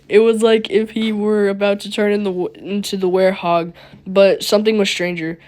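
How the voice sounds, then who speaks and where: A woman's voice: mid-range voice, a little mellow. A woman reading a creepypasta casually, giggling and breaking off to comment on the story. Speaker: creepypasta narrator.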